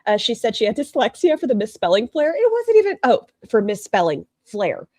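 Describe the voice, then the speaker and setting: A woman's voice: a little high, wildly swooping pitch, fairly quick, mellow, dry recording, studio quality. A woman hosting a casual livestream, chatting bluntly and reading viewer comments aloud. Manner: blunt and gossipy. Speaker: livestream host.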